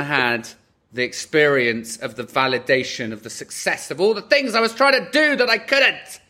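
A man co-hosting a podcast in casual chat, animated and emotional, swearing freely. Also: mid-range voice. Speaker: podcast co-host.

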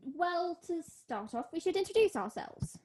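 A woman's voice: extremely high pitch, very animated, normal speed, darkish tone. A woman voicing an earnest, eager young woman in an audio drama.

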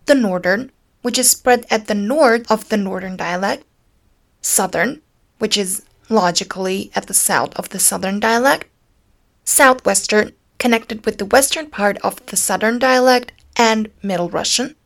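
A woman's voice: mid-range voice, unhurried, creaky. Woman hosting an explanatory podcast. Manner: explanatory, with lively rises on key words. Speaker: podcast host. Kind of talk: educational podcast talk.

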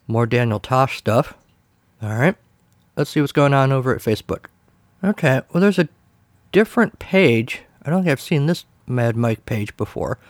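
A man's voice: mid-range voice, no echo. Wry man hosting a podcast. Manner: wry, sarcastic asides. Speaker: podcast host. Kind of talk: casual solo commentary.

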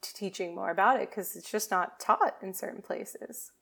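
A woman co-hosting a podcast in casual chat, chatty and quick to laugh. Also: mid-range voice, vocal fry, a bit bright, breathy edge. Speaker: podcast co-host.

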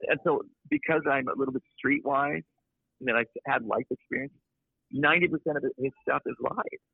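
Gravelly-voiced man ranting on a call. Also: mid-range voice, no room sound. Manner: opinionated, rambling, blunt. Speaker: podcast guest. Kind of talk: casual podcast conversation. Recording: dry, tinny phone-like line.

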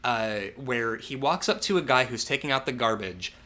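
A man co-hosting a podcast, recapping a horror movie in a casual, sarcastic and profane way, with lively asides. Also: medium pitch, normal speed. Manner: animated, profane, sarcastic recapping with acted-out quotes. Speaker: podcast co-host.

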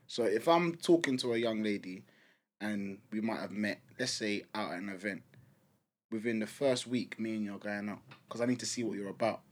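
A man co-hosting a casual podcast chat, animated and quick to laugh. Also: lowish voice. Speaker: podcast co-host.

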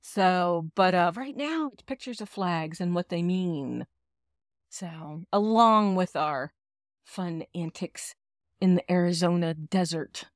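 A woman's voice: fairly low pitch, takes it slowly, dry recording, clean studio sound. Frank, laughing woman podcast host. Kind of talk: casual podcast chat.

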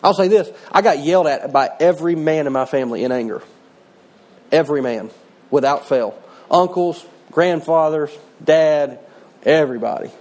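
Man, middle-aged, pastor, sermon, conversational, slightly high voice. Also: moderate pace, darkish tone. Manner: conversational preaching with personal stories.

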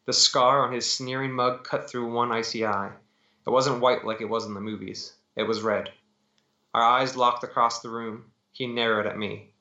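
A man's voice: medium pitch, little pitch movement, normal speed, bright, forceful tone. Man reading fiction over a roomy call. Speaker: author reading his book. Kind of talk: first-person fiction reading. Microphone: video call. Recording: dull echoey call audio.

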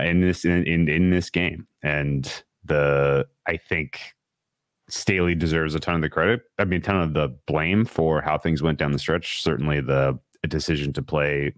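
Very deep-voiced man breaking down football. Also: dry recording, studio quality. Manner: analytical and opinionated, with many restarts. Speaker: sports podcast host. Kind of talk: casual sports analysis chat.

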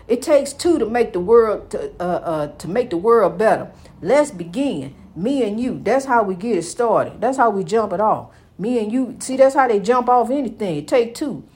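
This woman's slightly high voice is very animated, a little mellow, and breathy at the edges, moving at normal speed. She delivers a fervent, repetitive sermon of inspiration, addressing the listener as "honey."

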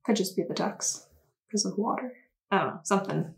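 Gravelly-voiced chatty woman podcaster. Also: mid-range voice, a little fast, poor audio. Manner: chatty, enthusiastic storyteller. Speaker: podcast co-host. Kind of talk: casual chat.

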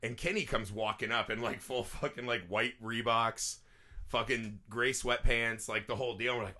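Bright-voiced laughing podcast guy. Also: mid-range voice, steady tone, moderate pace. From small farm town. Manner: swearing, laughing storyteller. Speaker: podcast co-host. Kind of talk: casual movie podcast chat.

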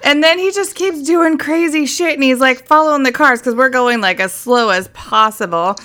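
Bright high-voiced woman, laughing storyteller. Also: moderate pace. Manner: laughing storyteller, swears freely. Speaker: podcast co-host. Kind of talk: casual chat.

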